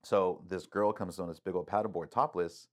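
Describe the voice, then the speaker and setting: A middle-aged man, a podcast guest, telling a story casually and animatedly, acting out the voices in it with big jumps in pitch and lots of "like" fillers. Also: steady tone, normal speed.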